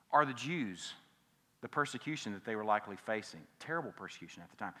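A man preaching a sermon as pastor, emphatic, swinging between loud and hushed and repeating key phrases. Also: on the low side, animated, fast talker, long reverb tail. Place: church sanctuary.

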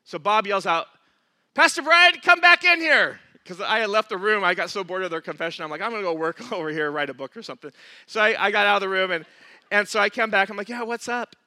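High, bright-voiced storytelling male pastor. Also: fast talker, no echo. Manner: animated storyteller, acts out quotes, laughs at himself. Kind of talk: sermon with storytelling.

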